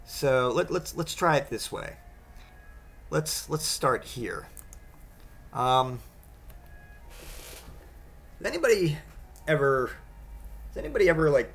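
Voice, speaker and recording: A man in his thirties hosting a casual monologue, rambling with many halting restarts. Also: mid-range voice, fairly bright tone.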